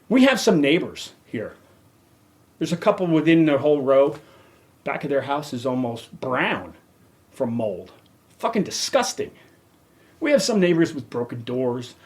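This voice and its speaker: Man, middle-aged, profane angry rant, higher voice, swings up and down a lot. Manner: profane, heated, emphatic. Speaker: podcast host.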